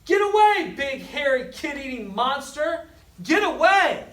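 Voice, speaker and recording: A storybook reader voicing a young boy who brags but is quickly scared, speaking in an excited voice that jumps up in pitch. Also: lightly acted. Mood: shouting. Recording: echoey room, distant mic, faint noise.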